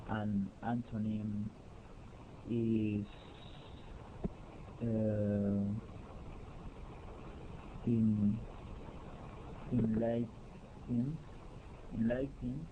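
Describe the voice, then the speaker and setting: A man answers in an online English lesson, very slow and hesitant, his lowish voice barely rising or falling. The sound is thin and phone-like, with clear noise behind it. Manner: very slow and hesitant, flat delivery. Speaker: student in an online English class. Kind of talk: answering in class. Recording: tinny, noisy phone-like call line.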